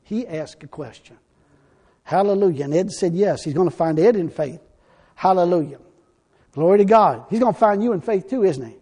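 Male preacher, high-pitched, fiery and plainspoken delivery. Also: normal speed, husky. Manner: folksy, blunt, excitable with bursts of shouting. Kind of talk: fiery sermon.

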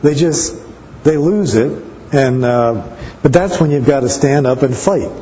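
A man's voice: mid-range voice, measured pace, warm tone, slight background noise. A man preaching a sermon with personal testimony, talking conversationally and rambling with many restarts. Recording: dull sound with long hall reverb.

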